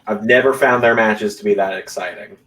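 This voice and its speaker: A young man hosting a podcast, chatting casually and making quick, wry remarks. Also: lowish voice, fairly even intonation, a bit bright. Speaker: podcast host. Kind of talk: casual chat.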